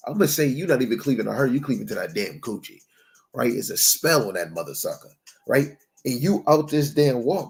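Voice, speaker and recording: A man's voice: mid-range voice, very animated, fairly quick, creaky, a little mellow. A man giving a conversational Bible teaching sermon. He is emphatic, mixes in street slang, keeps asking "right?", and reads scripture aloud in old-fashioned wording. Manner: emphatic, street-slang preaching with constant "right?" check-ins. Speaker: preacher.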